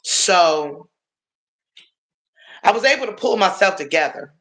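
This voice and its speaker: A middle-aged woman from Washington, D.C., gives an emotional personal testimony on a livestream. She speaks slowly, and her voice has a bright, forceful edge. She talks to her viewers directly, earnest and confiding. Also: lowish voice, animated. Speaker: livestream host sharing her story.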